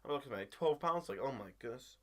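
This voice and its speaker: Young man, casual vlog storytelling, rambling, lots of fillers, fast. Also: lively intonation. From England. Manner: rambling, heavy filler words, acts out quotes in high squeals. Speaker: vlogger.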